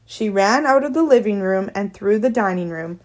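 A woman narrating a children's novel aloud in a clear, steady storytelling voice. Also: mid-range voice, moderate pace. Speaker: audiobook narrator.

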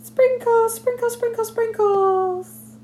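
Storybook squirrel read by a woman: tiny, excitable male, very high and squeaky, babbling breathless bursts. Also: slow pace, slight background noise. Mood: giddy.

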